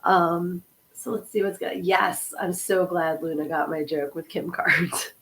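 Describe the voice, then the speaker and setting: A woman in her fifties, hoarse from a cold, hosting a casual livestream podcast and chatting with her viewers in an apologetic, friendly way. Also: on the low side, slow pace. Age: 50s. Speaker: podcast host and author.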